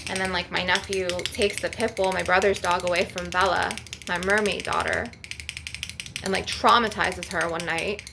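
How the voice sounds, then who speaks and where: Anxious, high-strung woman venting to camera, rambling and profane; recording has clear background noise. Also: lively intonation, normal speed. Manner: anxious, rambling, swears a lot. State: anxious and stressed. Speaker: spiritual vlogger. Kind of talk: emotional venting vlog.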